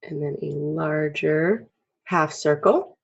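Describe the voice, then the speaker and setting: Husky-voiced woman teaching drawing. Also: low-pitched, slow pace. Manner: chatty, clears throat often, acts out expressions. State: frog in her throat. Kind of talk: casual drawing tutorial. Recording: dull lo-fi recording.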